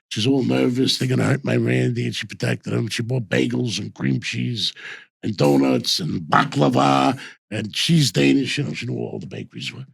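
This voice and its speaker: An older man spins a long, meandering story in a rough, gravelly voice. His tone is husky and worn, with a middle pitch. He keeps circling back with "I says" and stumbles over his own restarts. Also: a bit bright. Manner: rambling anecdotes with repeated "I says" and restarts. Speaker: host and former bookmaker. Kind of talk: casual storytelling.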